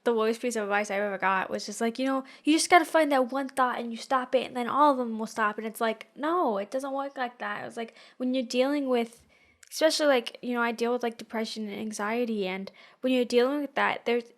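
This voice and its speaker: A young woman with a fairly high voice, chatting as a podcast co-host. She talks loosely and frankly, with plenty of "like" and "you know" and frequent laughs. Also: a little fast. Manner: chatty, laughs often, many fillers. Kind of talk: casual podcast chat.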